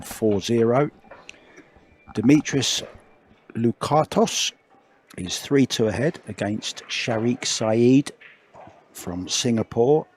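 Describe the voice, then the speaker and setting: A man doing relaxed, chatty play-by-play commentary on a billiards match. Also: on the low side, a little hiss or hum.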